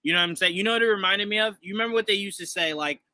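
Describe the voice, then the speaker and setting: A man in his thirties co-hosting a casual show review, talking in an animated way and acting out voices as he tells stories. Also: high-pitched, racing, no room sound. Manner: animated, acts out quoted voices. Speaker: podcast co-host.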